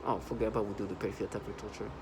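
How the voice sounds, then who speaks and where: A man imitating a calm, systematic male voice that gives short, flat affirmations, quieter and a bit lower than his own talk. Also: very fast, noisy background, close to an everyday voice. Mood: coaxing.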